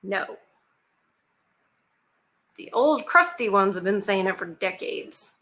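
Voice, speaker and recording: A woman's voice: mid-range voice, expressive, moderate pace, pushed and bright. Blunt, sarcastic woman reacting to clips. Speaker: reaction video host. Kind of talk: casual commentary reacting to clips.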